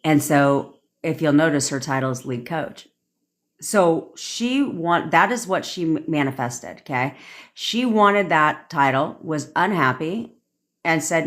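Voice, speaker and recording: A woman's voice: deep voice, measured pace. Blunt, profane woman coach ranting. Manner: blunt, profane and animated, acting out quotes. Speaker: manifestation coach. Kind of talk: livestream rant.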